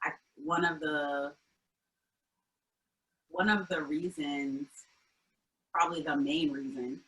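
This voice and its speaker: A woman from Albany, New York, speaks as an interview guest with a low but bright, forceful voice. She talks frankly and thoughtfully, with many fillers. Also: steady tone, slow, rough recording. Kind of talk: casual conversational interview.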